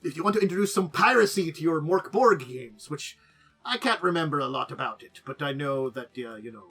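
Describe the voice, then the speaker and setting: Bright-voiced man hosting a casual chat. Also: on the high side, animated, a little fast, slightly rough, soft background music. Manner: rambling, with many fillers and trailing asides. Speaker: talk show host. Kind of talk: casual chat about tabletop games.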